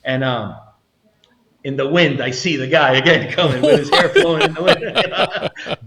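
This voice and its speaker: A man's voice: on the high side, normal speed, a crowd in the background. An older man, a retired federal agent, telling stories as an interview guest, acting out the voices of the people in them. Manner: animated storyteller acting out quoted voices. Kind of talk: storytelling interview. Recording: echoey room, slightly dull sound.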